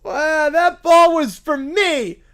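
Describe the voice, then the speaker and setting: A sulky little bear boy, put on by a man, whines in a raised, dragging voice. He complains loudly and childishly, stretching every word out. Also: very high-pitched, expressive, takes it slowly, voice pushed up, full character voice. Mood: whining. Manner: whining, complaining.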